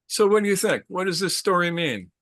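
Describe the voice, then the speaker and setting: A man's voice: sits high, lively intonation, brisk, a bit bright, no echo. A man telling a traditional story to a group in a casual way, repeating words and stopping to ask questions.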